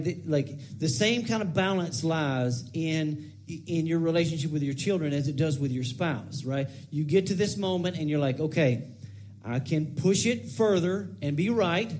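A man's voice: on the high side, a little mellow. A man in his thirties preaching a casual, conversational sermon, often repeating phrases and breaking into whiny acted-out prayers. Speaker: pastor.

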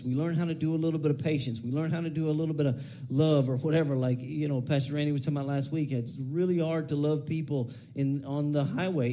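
A man in his forties gives a loose, chatty sermon, drifting into asides and restarting his sentences as he goes. His voice sits a little high for a man but sounds soft and mellow. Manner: casual, rambling, with many restarts and asides. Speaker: preacher. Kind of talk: conversational sermon.

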